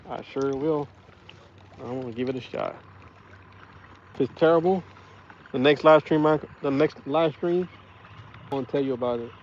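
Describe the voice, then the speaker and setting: A man live-streams from a small fishing boat, chatting casually and rambling through stories while often correcting himself. His voice is medium in pitch at a moderate pace with long pauses. The recording is muffled, with a little hiss or hum.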